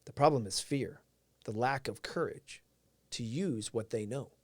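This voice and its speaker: A man's voice: medium pitch, unhurried, dry recording. Earnest man giving a motivational talk. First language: Portuguese. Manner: earnest, reflective, answering viewers' comments. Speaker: live-stream host.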